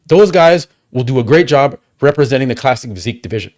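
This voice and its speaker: During an angry watchalong rant, a livestream host with an expressive, mid-range, slightly mellow voice swears heavily. He fires off rapid repetitions and rhetorical questions in a profane, heated manner.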